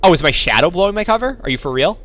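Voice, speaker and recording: Animated, joking young man doing game commentary. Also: high voice, rapid-fire, slight background noise. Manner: sarcastic, jokey running commentary on the game. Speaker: gaming video host. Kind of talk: joking let's-play commentary.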